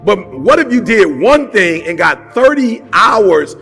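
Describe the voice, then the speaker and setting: A man delivering a motivational talk with a higher-pitched, gravelly voice. He speaks in a punchy, casual way, firing off rhetorical questions and repeating phrases for emphasis. Soft music plays faintly underneath. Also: big pitch swings, unhurried.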